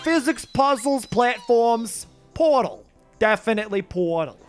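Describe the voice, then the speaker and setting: A man's voice: very high voice, lively intonation, soft background music, voice pushed up. A man putting on a Boston accent to play a brash, over-confident know-it-all, drawing out his words. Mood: smug. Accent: Boston put-on. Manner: over-confident, drawn-out trolling delivery.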